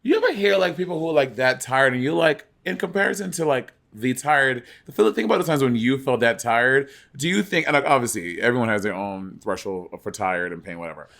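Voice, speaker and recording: Man, podcast co-host, pitch swinging widely, rambling, filler-heavy, musing chat over a call. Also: lively intonation, brisk, vocal fry, few pauses, fairly bright tone. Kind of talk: casual chat. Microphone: podcast mic on video call.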